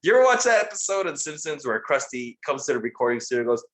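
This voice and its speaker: A man's voice: medium pitch, sing-song, racing. A man co-hosting a casual wrestling recap show, profane and mocking, laughing often and doing sarcastic impressions. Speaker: podcast co-host.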